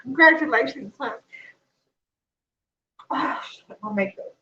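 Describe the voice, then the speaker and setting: Bright, chatty woman livestreaming. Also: high voice, takes it slowly, highs cut off. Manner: chatty, talks straight to viewers, emotional and tearful when reading good news. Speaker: vlogger. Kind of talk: casual livestream chat.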